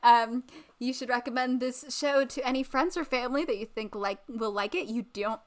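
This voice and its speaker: A woman's voice: on the high side, moderate pace. A woman co-hosting a podcast, chatting casually in a sarcastic, rambling way with lots of ums. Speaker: podcast co-host. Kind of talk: casual chat.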